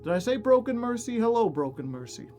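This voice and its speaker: A man's voice: extremely high pitch, sing-song, fairly quick, a little mellow, soft background music. A young man streaming a game, out of breath after exercise, chatting casually and greeting viewers by name. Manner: chatty, reading out chat names.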